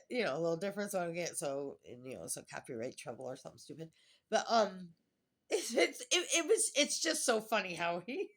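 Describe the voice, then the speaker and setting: Woman vlogger, middle-aged, rambling chatty monologue, mid voice, laughs a lot. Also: medium pitch. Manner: chatty, laughs often, trails off and restarts.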